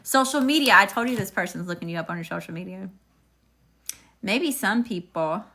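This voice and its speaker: A woman's voice: medium pitch, expressive, moderate pace, bright, forceful tone. A woman doing a live tarot reading, chatting with viewers and calling out upbeat greetings. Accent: regional accent, unnamed. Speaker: tarot reader.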